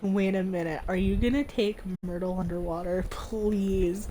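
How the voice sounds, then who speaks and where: A woman streamer giving gushing, animated casual commentary while playing a game. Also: medium pitch, unhurried, slight background noise. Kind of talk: casual let's-play commentary.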